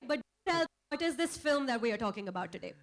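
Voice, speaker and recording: A woman hosting an event, announcing guests and asking questions in a bright, brisk manner. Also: a little high, lively intonation. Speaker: event host. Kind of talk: emceeing.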